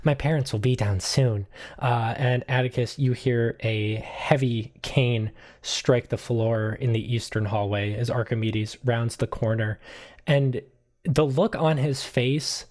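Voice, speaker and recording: Relaxed female game master, very low and unhurried, narrating scenes. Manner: relaxed, lots of fillers.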